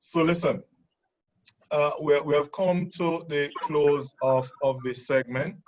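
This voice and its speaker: A man's voice: a little high, little pitch movement, slow, a little mellow, a little hiss or hum. A man hosting a webinar segment over a video call, speaking hesitantly with many fillers and restarts. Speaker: segment host. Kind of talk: webinar moderation. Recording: muffled video call audio.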